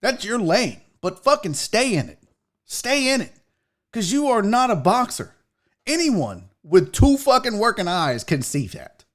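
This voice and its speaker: Sitting high in pitch, with big swings and a fairly bright tone, the voice belongs to a forty-something man hosting a show. He talks a little slowly while delivering a heated, profane livestream rant, mocking people with put-on voices.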